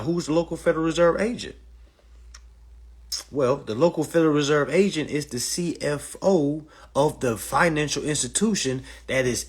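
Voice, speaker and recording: A man's voice: medium pitch, slightly rough. A man giving a casual, profane monologue lesson to his listeners. He keeps asking "all right?" and calls them family. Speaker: host explaining finance to listeners.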